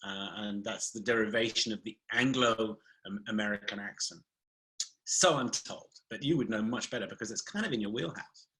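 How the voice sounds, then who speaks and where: Bright-voiced man, laughing often. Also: on the low side, normal speed, low-quality recording. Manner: laughs often, chatty and playful. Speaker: host of live video chat. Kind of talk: casual chat. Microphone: video call.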